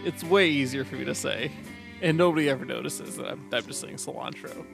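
A man's voice: mid-range voice, a little fast, creaky, music in the background. A man on a casual gaming podcast, rambling and giggling through his stories. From part Irish heritage. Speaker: podcast co-host.

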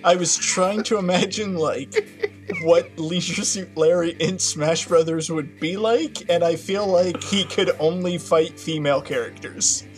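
A man on a casual gaming podcast, explaining himself in a dry, deliberate way. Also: high-pitched, faint music behind. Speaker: podcast co-host.

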